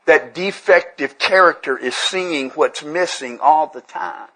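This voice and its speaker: A man's voice: a little high, a little slow, a bit bright, poor audio. A man with a Tennessee accent, telling earnest, humorous stories to a recovery workshop group. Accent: Southern US, Tennessee. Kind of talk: folksy storytelling talk to a live group.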